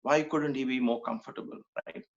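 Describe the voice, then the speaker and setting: A man's voice: medium pitch, steady tone, a little fast, creaky. A middle-aged man from Mumbai, giving an earnest devotional talk full of repetition and rhetorical questions. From Mumbai, India. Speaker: spiritual speaker. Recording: dull lo-fi recording.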